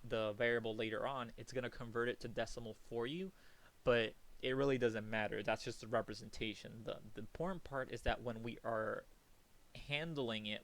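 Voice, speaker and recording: A young man giving a recorded coding lecture, casual and talky, thinking aloud and counting out loud as he works. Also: mid-range voice. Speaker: programming instructor.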